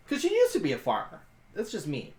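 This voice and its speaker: A man's voice: a little high, wildly swooping pitch, normal speed, a little mellow. A man narrating and acting out his character's actions in a tabletop role-playing game. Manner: storytelling, voices his character's lines. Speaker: tabletop player. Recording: echoey room.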